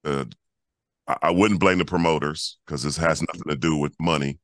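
Fifties male podcast co-host, deep-voiced and excitable, repeats himself mid-story. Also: normal speed, no echo. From Los Angeles, USA. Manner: animated storyteller, repeats words when excited. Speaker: co-host, former pro basketball player. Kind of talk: casual podcast chat.

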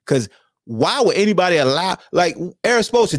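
A man's voice: sits high, moderate pace, no echo, clean studio sound. A man hosting a podcast, talking sports loosely and playfully, teasing rival fans. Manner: animated trash talk, playful and loose. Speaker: podcast host. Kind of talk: casual sports talk.

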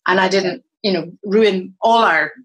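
A middle-aged woman, a psychologist and coach, appears as a podcast guest and tells stories with real animation, acting out the dialogue she quotes. Her voice is medium in pitch and a little slow, and the audio quality is poor.

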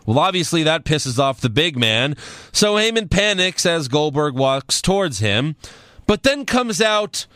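A man's voice: on the high side, very animated, measured pace, fairly bright tone, clear, resonant tone, no echo, studio quality. A man recapping last week's wrestling on a casual podcast, telling it like a story with wry asides. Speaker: podcast co-host.

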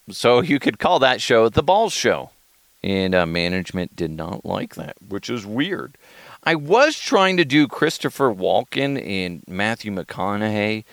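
A man's voice: lowish voice, vocal fry, dry recording. A man hosting a comedy podcast, rambling and self-deprecating with profanity. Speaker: podcast host. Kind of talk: casual comedic podcast chat.

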